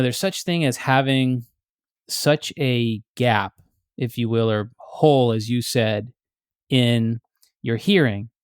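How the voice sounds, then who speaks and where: A man hosts a podcast in a relaxed, explanatory chat. He works through ideas step by step, restarting sentences as he thinks. His voice sits at a middle pitch, recorded close with a dry, dead sound. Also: smooth, dry recording. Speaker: podcast host.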